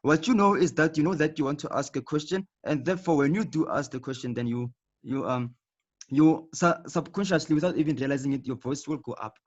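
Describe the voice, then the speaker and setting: A man leads an online English lesson, talking in a slightly high voice. He explains slowly and patiently, circling back and tagging his points with "okay". The call audio is muffled and lo-fi. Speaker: teacher. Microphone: video call.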